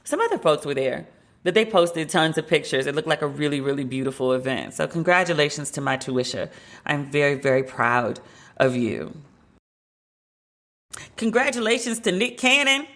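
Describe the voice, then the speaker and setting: A woman's voice: sits low, expressive, moderate pace, a bit bright. A woman hosting her podcast alone, chatting casually and with energy from her open-plan home loft, with many "like" fillers. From based in Los Angeles. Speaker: podcast host. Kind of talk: casual solo chat.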